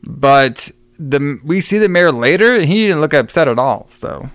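Loose, profane man, smooth dry voice. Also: a little high, lively intonation, normal speed, a bit bright, no echo. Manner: loose, profane, acts out scenes with quoted voices. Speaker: podcast co-host reviewing horror films. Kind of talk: casual chat.

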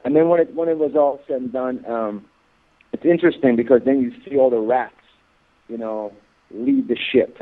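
Male phone-in guest, halting and emphatic, tinny line. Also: medium pitch. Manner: halting, repeats words, grows emphatic. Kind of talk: interview on radio.

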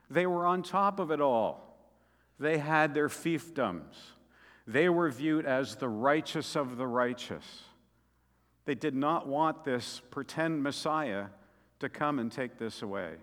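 A male pastor giving a sermon, retelling scripture with dramatic swings between loud emphasis and quiet, soft asides. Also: medium pitch. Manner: expressive preaching, storytelling with sudden loud and soft swings. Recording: long hall reverb.

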